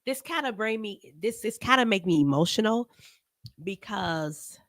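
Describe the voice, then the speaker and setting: A woman's voice: medium pitch, animated, moderate pace, no room sound, clean studio sound. A woman hosting a live-stream talk show, giving casual, earnest commentary and talking to her viewers by name, sometimes emotional.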